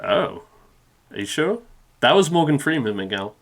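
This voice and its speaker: A man co-hosting a podcast in casual chat, animated and laughing often, teasing himself. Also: a little high, moderate pace, gravelly, a loud crowd. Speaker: podcast co-host.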